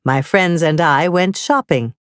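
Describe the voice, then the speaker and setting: A woman narrating a scripted grammar lesson, reading slowly and carefully with clearly spelled-out examples. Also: fairly low pitch, no room sound, clean studio sound. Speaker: teacher.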